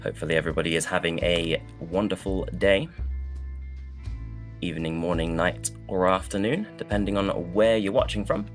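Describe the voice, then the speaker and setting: Low-voiced male esports caster, chatty. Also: fairly even intonation, normal speed, soft background music. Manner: rambling, chatty, many fillers. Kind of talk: live esports commentary.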